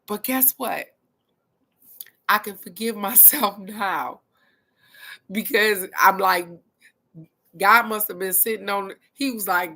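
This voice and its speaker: Middle-aged woman, card reader; bright, forceful voice, blunt and salty. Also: medium pitch, a little slow. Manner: blunt and animated, cusses freely. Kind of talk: casual tarot card reading talk.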